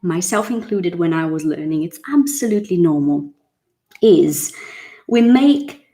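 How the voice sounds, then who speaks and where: A woman, teaching English in a chatty, casual way and repeating words slowly so they can be drilled. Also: on the low side, dark tone. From Brazil. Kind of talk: casual online English lesson.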